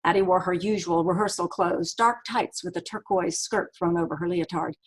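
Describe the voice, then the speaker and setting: A woman author reading aloud from her own novel in a steady, measured way. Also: lowish voice, husky, low-quality recording.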